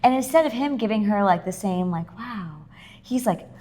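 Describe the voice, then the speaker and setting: A young woman in the middle of a casual recap chat, lively and outspoken. She swears freely and slips into acted-out quotes. Her voice sits in a middling range. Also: medium pitch, normal speed. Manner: animated, swears, acts out quotes. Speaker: podcast co-host.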